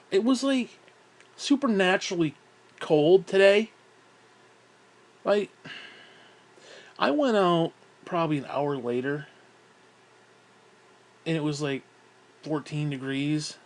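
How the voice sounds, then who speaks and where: A young man talks straight to the camera in a loose, rambling vlog, his voice sitting a little higher than most men's. He swears freely and trails off into laughs and sighs as he tells his story. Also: slow, pauses often. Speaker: vlogger. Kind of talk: rambling casual monologue.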